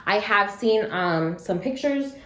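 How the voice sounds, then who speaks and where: Speaking slowly at a medium pitch, a young woman films a casual vlog at home while unboxing beads. She's sad but keeps trying to stay cheerful, veering between gloom and excitement, chatting away with plenty of "likes" and the odd swear word. Her echoey room carries a faint background hum.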